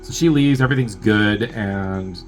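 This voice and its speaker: A man's voice: fairly low pitch, a little slow, soft background music. A young man casually recapping a film plot as a review host, rambling and profane, with wry asides and lots of filler words. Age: young adult.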